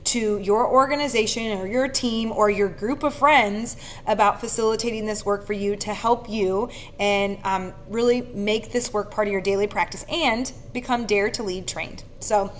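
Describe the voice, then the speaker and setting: A woman giving an earnest, casual coaching talk to camera, speaking in an animated way that breaks into quick laughs now and then. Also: mid-range voice, slight background noise. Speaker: speaker and leadership facilitator.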